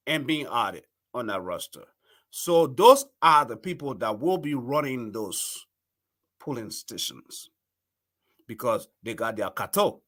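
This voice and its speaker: Middle-aged Liberian male host: preachy and fervent, swooping animated delivery. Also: fairly high pitch. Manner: impassioned, preachy appeals to viewers. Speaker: talk show host. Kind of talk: live political commentary.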